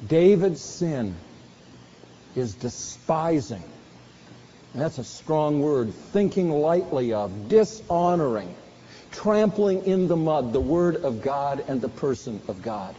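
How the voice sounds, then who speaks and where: A man's voice: a little high, sing-song, measured pace, dark tone. A man preaching a sermon, with dramatic bursts when he acts out quoted lines. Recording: dull sound with long hall reverb.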